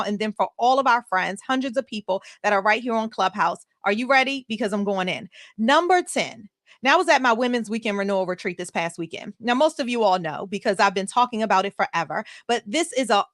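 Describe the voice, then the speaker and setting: A woman life coach hosting a live online show in an energetic, emphatic way, repeating words for emphasis. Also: on the high side, no echo, studio quality. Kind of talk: upbeat live-stream motivational talk.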